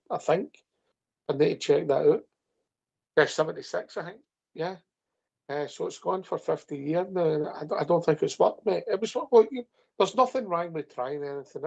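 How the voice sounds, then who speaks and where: A man's voice: fairly high pitch, gravelly, darkish tone, breathy edge. A Scottish man hosting a football phone-in show, chatty and tagging "mate" onto his sentences. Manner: chatty, says mate constantly. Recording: dull lo-fi phone-in audio.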